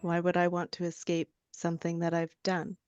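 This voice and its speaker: Level, low-voiced woman player, lo-fi audio. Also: monotone, normal speed, darkish tone, clear, resonant tone, soft background music. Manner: earnest, questioning replies. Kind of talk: tabletop game play.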